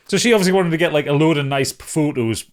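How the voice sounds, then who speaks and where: A man's voice: on the high side, brisk. A man co-hosting a podcast, blunt and swearing freely in casual chat. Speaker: podcast co-host.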